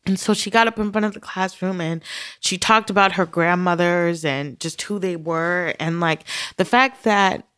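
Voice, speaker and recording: A woman's voice: on the low side, normal speed, fairly bright tone, clean tone, no echo, studio quality. A woman guest in a conversational interview, a mother telling stories and laughing often between phrases. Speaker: podcast guest; mother of young children.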